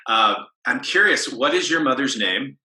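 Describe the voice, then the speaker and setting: A man's voice: mid-range voice, lively intonation, normal speed, sharp tone. A male interviewer asking attentive questions and affirming the speaker's answers. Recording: roomy echo.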